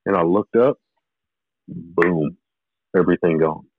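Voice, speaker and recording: Deep-voiced man, phone-like sound. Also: measured pace, vocal fry, dry recording. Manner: rambling, with restarts and short laughs. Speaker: guest telling his testimony. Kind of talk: emotional personal storytelling.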